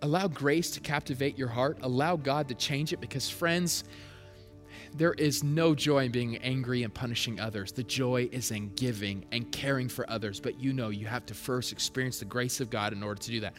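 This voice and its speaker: A man preaching a sermon with passion, swinging between loud urgent stretches and hushed quiet ones. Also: mid-range voice, normal speed. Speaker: pastor. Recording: long hall reverb, soft music behind.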